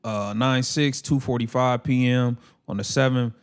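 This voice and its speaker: A man's voice: medium pitch, steady tone, moderate pace, clear, resonant tone. Slangy man ranting over a live game. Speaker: live stream host. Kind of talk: casual live watch-along commentary.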